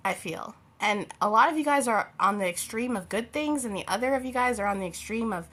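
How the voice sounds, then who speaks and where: A woman's voice: fairly high pitch, lively intonation, a little fast, fairly bright tone. A young woman giving a casual tarot reading to her viewers, chatty and rambling, often losing her thread and laughing. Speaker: tarot reader.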